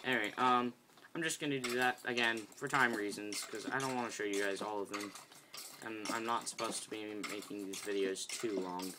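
A woman's voice: very deep voice, fairly even intonation, brisk, noisy background. A woman hosting a casual, rambling game tutorial, chatting and getting sidetracked as she builds. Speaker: video game tutorial host.

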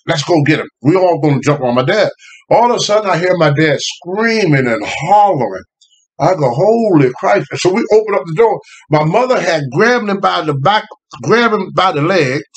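An older man with a drawl tells a tale from his childhood. His voice sits a bit high for a man, and he talks in animated bursts. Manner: animated, laughing, rising to shouts at the climax. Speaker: storyteller guest. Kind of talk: casual storytelling.

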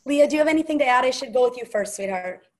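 A chatty woman hosts a casual team call and gushes as she tells stories. Her voice sits a little high, and she slips into quoting other people as she goes. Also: expressive, very fast. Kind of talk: casual storytelling chat.

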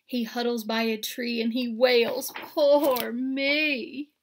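A kindergarten teacher's slightly high voice carries a picture book reading for young children at a somewhat slow pace, over slight background noise. She reads expressively, goes hushed during the scary scenes, and asks her listeners questions.

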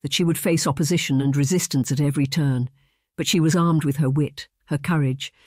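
Measured audiobook narrator, dry close sound. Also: medium pitch, no room sound. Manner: steady, measured storytelling. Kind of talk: scripted narration.

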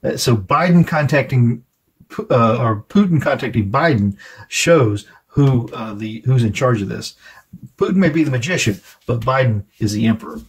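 A man giving a casual tarot reading to camera, halting now and then and chatting with his viewers. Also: medium pitch, expressive, husky. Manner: halting, frequent fillers and restarts; chatty, asks viewers to comment. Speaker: tarot reader.

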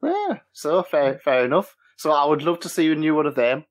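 A man's voice: on the high side, big pitch swings, moderate pace. A man hosting a casual podcast chat, hesitant with many restarts. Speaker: podcast host.

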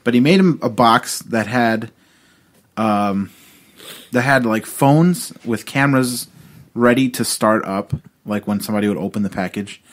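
A man's voice: mid-range voice, a little slow. Rambling, foul-mouthed male podcaster. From Illinois. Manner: rambling storyteller, swears often, many fillers. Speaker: podcast co-host. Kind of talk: casual chat.

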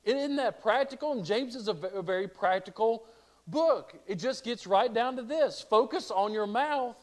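Man, pastor preaching, earnest, rhetorical questions, high voice. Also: animated, normal speed. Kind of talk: sermon.

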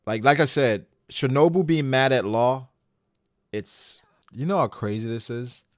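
A man hosting a reaction channel, giving excitable, profane live commentary that breaks into shouts. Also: mid-range voice, unhurried, dry recording, clean studio sound. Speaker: anime reaction channel host.

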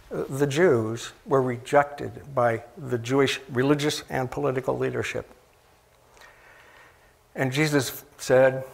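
A man preaching a sermon in a conversational way, asking the listeners questions and often pausing with fillers and restarts. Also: a little high, gravelly.

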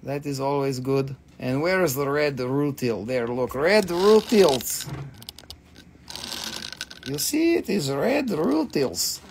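Taking it slowly, a man with a voice on the high side sounds expressive, darkish in tone and breathy at the edges. He is casually selling rocks and crystals on a live stream, bantering with profane, teasing jokes and trailing off with repeated fillers when flustered.

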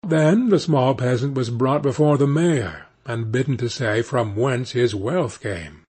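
A man narrating a fairy tale as an audiobook reader, with a measured, deliberate reading. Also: mid-range voice, lively intonation, a little mellow, breathy edge.

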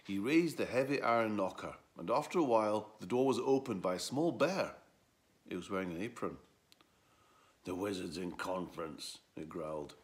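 A man with a low voice reads a children's story aloud. His delivery swoops up and down expressively, keeping the tale lively. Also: brisk.

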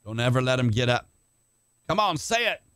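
An older man preaching a sermon with passion, rising to shouts and calling on listeners by name. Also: medium pitch, very animated, moderate pace, dry recording. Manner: impassioned, shouting climaxes, calls on congregation by name.

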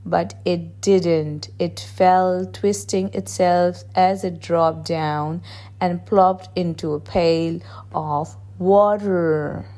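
A woman narrating a children's picture book aloud in a gentle, measured storytelling voice. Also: on the low side, fairly even intonation.

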